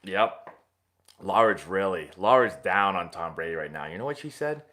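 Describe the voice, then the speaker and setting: A young man hosting a casual live stream, answering viewer questions in a rambling, animated sports-fan way. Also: low voice, moderate pace. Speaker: host of a live baseball Q&A stream.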